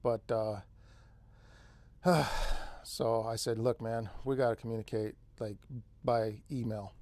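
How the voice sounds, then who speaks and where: A man with a central Californian accent hosts an off-grid live stream, rambling easygoingly and dropping "man" and "dude" constantly. His mid-range voice is steady, slow-paced and a little mellow, with no echo.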